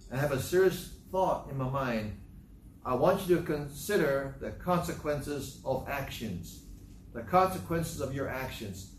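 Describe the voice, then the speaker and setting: A man giving a moralizing talk, telling stories in a repetitive, emphatic way with sarcastic asides. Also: fairly high pitch. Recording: roomy, distant mic with faint noise.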